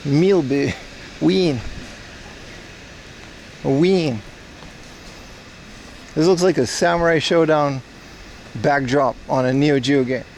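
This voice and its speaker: A man's voice: fairly high pitch, moderate pace, slight background noise. A man hosting a casual livestream outdoors on the street, rambling and chatting with his viewers as he walks. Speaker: livestream host. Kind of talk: casual livestream chat while walking. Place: outdoors on streets and at a shrine in hot weather.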